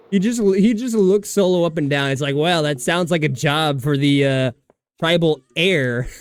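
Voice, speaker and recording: A man's voice: on the high side, darkish tone. A man livestreaming a survival game, chatting casually in a rambling, profane way and laughing often. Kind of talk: casual gaming stream chat.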